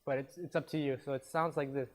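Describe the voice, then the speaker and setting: A man teaching a guitar workshop, counting beats and humming rhythms aloud to his students in a relaxed, encouraging way. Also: mid-range voice, quick pace. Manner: relaxed, encouraging, self-deprecating. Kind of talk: instructional workshop talk. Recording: guitar music in the background. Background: guitar playing.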